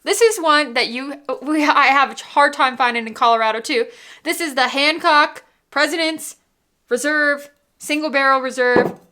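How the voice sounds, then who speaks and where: Excitable lady vlogging at home, high voice, says like and literally a ton. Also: normal speed. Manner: bubbly, gushing, says "like" and "literally" often. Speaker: whiskey vlogger. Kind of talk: casual excited vlog.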